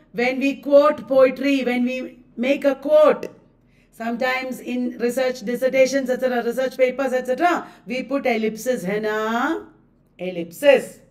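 Slow, emphatic Indian English woman teacher. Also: high voice, fairly even intonation, recorded from a distance. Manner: emphatic, repeats key phrases and asks "did you understand?". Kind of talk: live online lecture.

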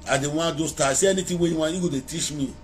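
A man with a Nigerian Pidgin accent, talking to his followers in a rambling, animated live-video monologue, breaking at times into chanted praise calls, speaking into a phone held to his face. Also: on the high side, rapid-fire. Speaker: social media vlogger.

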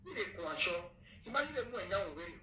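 A woman's voice: mid-range voice, sing-song, fast, bright, forceful tone. A woman with a Nigerian accent, a content creator, ranting in an aggrieved way and repeating her questions. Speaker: content creator in a played clip. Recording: echoey, distant clip with faint noise.

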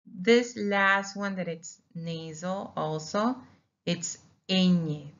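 A woman talks through a recorded language lesson at a very slow, careful pace. Her voice sits a little low as she drills syllables and checks in with "okay?". The audio is dull and lo-fi. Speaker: Spanish teacher.

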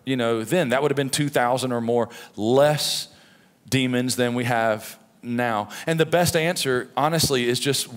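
A middle-aged pastor preaching a sermon in a conversational, storytelling way, with frequent "right?" asides. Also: male voice, medium pitch, a little slow. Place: church sanctuary. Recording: long reverb of a church hall.

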